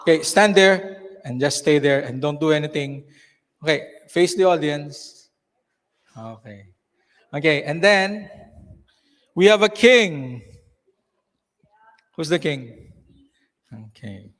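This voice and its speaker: A man narrates a live church skit while steering volunteers on stage, with a constant stream of "okay". His high, lively voice moves along slowly. It rings in a long, echoing hall reverb.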